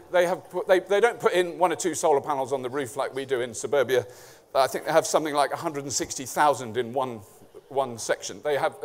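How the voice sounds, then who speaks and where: A middle-aged man from England speaks at a conference in a high voice, swearing freely and cracking sarcastic jokes. His talk is a loose, comic rant on stage.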